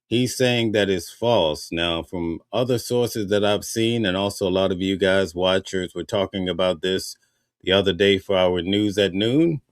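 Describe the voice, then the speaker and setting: A man's voice: deep voice, unhurried, no echo, studio quality. A man hosting a live news stream, talking casually with viewers and reading their comments. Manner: conversational, reads viewer comments aloud.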